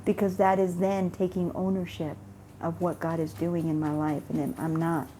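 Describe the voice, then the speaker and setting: A woman's voice: on the low side, little pitch movement, moderate pace, warm tone, slight background noise. A woman vlogger telling a rambling everyday story about her faith, acting out both sides of a conversation and often repeating words.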